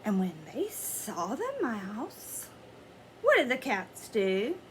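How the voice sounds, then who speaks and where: Expressive woman teacher reading to kids. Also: on the high side, slow pace, a little hiss or hum. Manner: expressive, questioning the children. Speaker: elementary school teacher. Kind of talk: children's story read-aloud.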